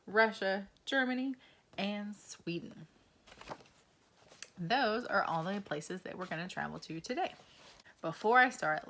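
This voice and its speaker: A woman in her twenties or thirties gives a slow, encouraging lesson to young children and asks them questions. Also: lowish voice, pushed and bright. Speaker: preschool teacher.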